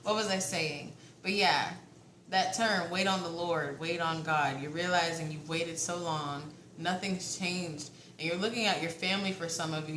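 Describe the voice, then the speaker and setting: A woman doing a casual tarot reading for her viewers, chatty and quick to giggle, who keeps checking in with them. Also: fairly low pitch, fairly bright tone, roomy sound, a little hiss or hum, low-quality recording. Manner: prone to giggling. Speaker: tarot card reader.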